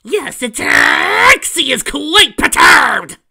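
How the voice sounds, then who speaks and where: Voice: high voice, very animated, takes it slowly, gravelly, bright, forceful tone, voice pushed up, exaggerated voice. A fan reader voicing a vain female show pony who talks grandly about herself. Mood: pompous.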